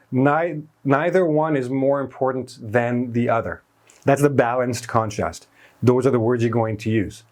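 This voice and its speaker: Patient male grammar teacher explaining. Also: medium pitch. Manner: patient, repeats and rephrases points, checks in with "right?". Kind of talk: explanatory lesson. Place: in Canada.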